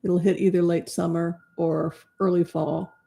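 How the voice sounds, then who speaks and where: A woman's voice: lowish voice, level tone, a little slow, vocal fry, mellow, breathy edge. A woman hosting a casual tarot reading livestream, earnest and at times dropping to near whispers. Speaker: psychic livestream host.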